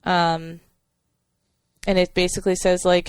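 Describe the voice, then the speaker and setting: A woman co-hosting a podcast, warmly retelling a TV episode in a rambling way with many fillers and restarts. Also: lowish voice, steady tone, moderate pace, long pauses, clean tone, no room sound. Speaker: podcast co-host. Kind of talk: casual chat.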